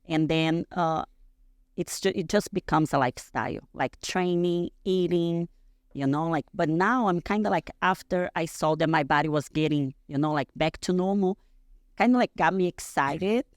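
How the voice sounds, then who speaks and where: A woman's voice: on the low side, moderate pace, no room sound. Chatty woman, dry sound. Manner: chatty, many fillers. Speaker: guest. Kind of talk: casual interview chat. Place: studio, podcast.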